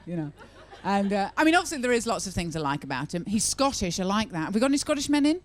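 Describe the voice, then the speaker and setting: A woman's voice: medium pitch, very animated, fast talker. A woman performing a stand-up comedy set at a live venue, chatty and sarcastic, teasing the crowd.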